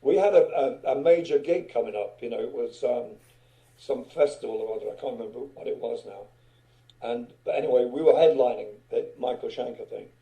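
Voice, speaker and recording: Older man, very dark mellow voice. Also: mid-range voice, fairly quick, poor audio. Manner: loose, swearing, chuckling anecdotes. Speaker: guest musician. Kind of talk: casual interview storytelling.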